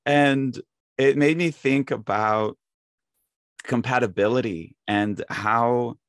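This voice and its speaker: A young man with a lowish voice talks off the cuff in a relaxed, conversational spiritual talk. He jumps into exasperated quoted voices now and then. The sound is close and dry. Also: dry recording. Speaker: speaker giving a Sunday talk.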